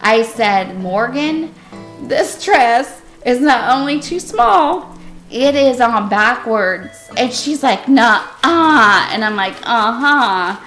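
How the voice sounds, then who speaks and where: Middle-aged woman, live streamer, slow casual storytelling, laughing often, faint music behind. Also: fairly high pitch, animated. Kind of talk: casual storytelling while gaming.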